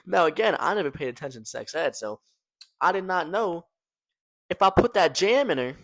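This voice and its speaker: A man's voice: on the high side, lively intonation, normal speed, no echo. A young man casually telling a personal story to his viewers, slangy and loose, tossing in "man" and "right?" as he goes. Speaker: storytelling vlogger.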